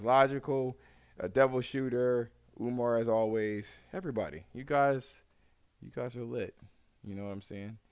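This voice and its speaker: A man's voice: fairly low pitch, clear, resonant tone. A man hosting a casual podcast, talking loosely with friends and slipping into joking banter. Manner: laughing, swearing banter. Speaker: podcast host.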